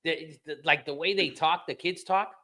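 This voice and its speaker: A man's voice: on the high side, fairly even intonation, moderate pace, bright, forceful tone. A man hosting a podcast, ranting in casual, profane chat that rambles with restarts. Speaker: podcast host.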